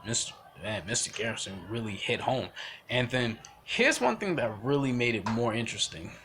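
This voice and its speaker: A young man talks through his opinions in a loose, emphatic ramble, circling back and restarting his sentences. His tone is bright and forceful, and a faint hiss sits under the recording. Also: medium pitch, lively intonation, moderate pace. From United States. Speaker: vlogger giving commentary. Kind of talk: casual spoken commentary.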